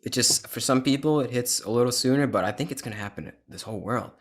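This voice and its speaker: A man's voice: medium pitch, fast talker. A man hosting a podcast, talking in an earnest, emphatic way in a casual conversation. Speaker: podcast host.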